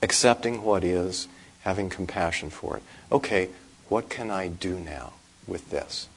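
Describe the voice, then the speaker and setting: A male Buddhist monk giving a dharma talk, speaking slowly and deliberately with wry humor. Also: sits low, breathy edge, poor audio.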